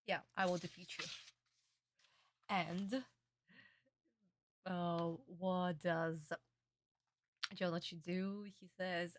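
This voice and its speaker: Young woman streaming reactions, excitable, cusses, kinda low voice. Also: extremely slow, pauses often. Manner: excitable, gushing, swears often.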